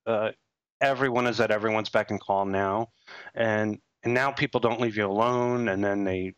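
A man's voice: lowish voice, fairly even intonation, normal speed, clean tone, no room sound, low-quality recording. A man co-hosting a podcast in casual chat, rambling and self-mocking with frequent chuckles. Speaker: podcast co-host.

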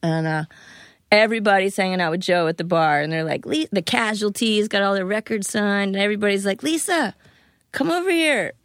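A woman's voice: mid-range voice, fairly quick, smooth, dry recording, studio quality. A woman guest on a podcast, telling casual stories and acting out the dialogue in them. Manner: animated anecdotes with quoted dialogue. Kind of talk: casual storytelling chat.

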